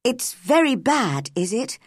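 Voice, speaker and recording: A frantic, worried mother, put on by a woman reading a storybook, pitched high above the reader's usual tone. She sounds agitated, and her voice swings widely. The recording is dry and close. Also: very animated, takes it slowly, slightly rough, no echo, full character voice.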